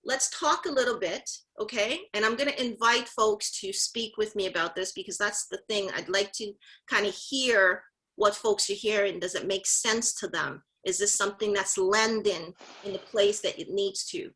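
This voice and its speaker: A woman's voice: medium pitch, normal speed, few pauses, bright, forceful tone, poor audio. A woman giving a motivational talk to a mentorship group, emphatic and direct, often repeating phrases and calling out to her listeners. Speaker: mentorship session speaker.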